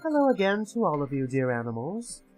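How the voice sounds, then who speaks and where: A man's voice: fairly high pitch, sing-song, a little fast, darkish tone, soft background music, poor audio. A man voicing a mocking mastermind who runs a death game, with a taunting, theatrical announcer's delivery.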